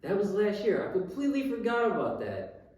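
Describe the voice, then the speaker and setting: A young man co-hosting a podcast, telling stories in an animated, profane, casual way. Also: high voice, fairly quick, muffled recording. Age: young adult. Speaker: podcast co-host. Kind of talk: casual chat. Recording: roomy, distant mic.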